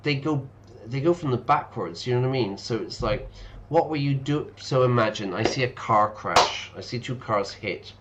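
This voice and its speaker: A man's voice: mid-range voice, moderate pace, few pauses, a bit bright, a little hiss or hum. A man, an English teacher, chatting casually and explaining words while streaming a game. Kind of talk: casual let's-play commentary.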